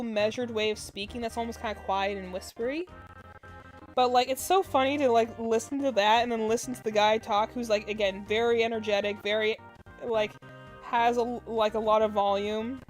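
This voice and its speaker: Chatty woman with a slightly high voice. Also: steady tone, moderate pace, soft background music. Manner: rambling and chatty, lots of filler words; mutters stitch counts under her breath. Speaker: streamer crocheting while chatting. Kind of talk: casual chat.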